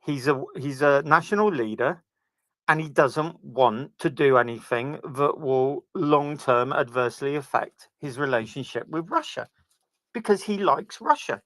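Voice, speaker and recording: A man's voice: expressive, moderate pace, fairly bright tone, dry recording. Blunt sarcastic man on a panel. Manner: blunt, sarcastic, swings into high emphatic bursts. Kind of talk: casual panel discussion.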